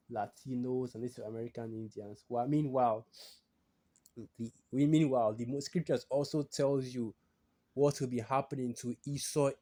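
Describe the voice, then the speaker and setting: A man delivers a scripture-teaching sermon in a relaxed, conversational way, checking in with tag questions and restarting his sentences. His voice sits at a middle pitch with a dark, mellow tone. He breaks off now and then to read verses aloud. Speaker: preacher.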